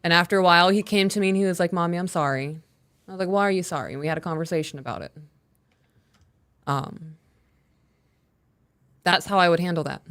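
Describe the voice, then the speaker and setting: A woman co-hosting a podcast live stream, reading listener questions and calmly explaining how she handles her kids. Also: on the low side. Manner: calm, measured, reads out listener questions. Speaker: podcast co-host. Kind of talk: casual live-stream Q&A chat.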